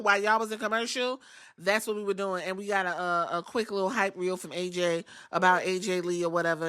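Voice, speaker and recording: Woman podcast host, bright and forceful tone, blunt and foul-mouthed, chatty storyteller. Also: mid-range voice, fairly even intonation, brisk, clean tone. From outside the US. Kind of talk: casual recap podcast.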